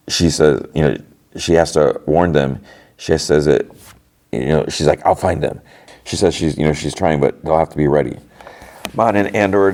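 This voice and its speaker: A man's voice: rumbling low, darkish tone. A man hosting a podcast, casually recapping a TV episode scene by scene and quoting the characters' lines as he goes. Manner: retells scenes with lots of "he's like" and quick quoted lines.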